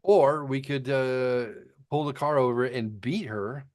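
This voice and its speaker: A man's voice: mid-range voice, a little slow, a little mellow. A middle-aged man co-hosting a casual podcast chat, telling a long story bluntly, with plenty of fillers and the odd swear. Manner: rambling storytelling with frequent fillers. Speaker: podcast co-host.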